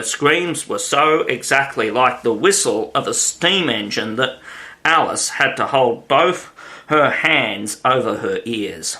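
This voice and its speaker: Slow bright male storyteller. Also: mid-range voice, animated. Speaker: audiobook narrator. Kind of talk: storybook narration.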